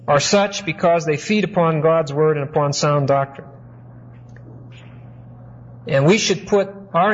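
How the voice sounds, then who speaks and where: A man preaching an expository sermon as pastor. He teaches in a measured way, asks rhetorical questions and stretches key words slowly. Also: a little high, slightly rough. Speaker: pastor teaching a Bible study. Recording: muffled lo-fi recording with faint hiss.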